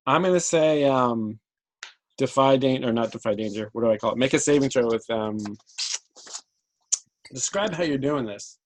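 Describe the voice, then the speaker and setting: A man running a tabletop game as game master, thinking aloud and pausing on many ums as he talks. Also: medium pitch, low-quality recording.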